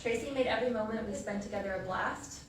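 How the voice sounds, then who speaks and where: A woman giving a eulogy for her sister, telling funny stories and laughing through them. She is heard from a distance in a very echoey funeral chapel. There is steady background noise under her voice. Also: on the high side, fast. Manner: storytelling, laughing through memories. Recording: echoey hall from far off, noisy.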